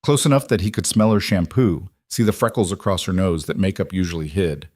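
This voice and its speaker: A man narrating a story in a slow, measured way. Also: deep voice, a little mellow, no room sound, studio quality. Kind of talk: scripted narration.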